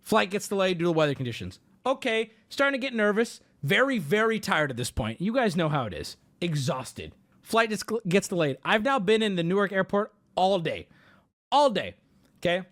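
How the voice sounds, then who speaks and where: Animated, high-voiced male streamer. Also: normal speed. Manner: animated, profane, exaggerated. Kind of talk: casual storytelling to a stream audience.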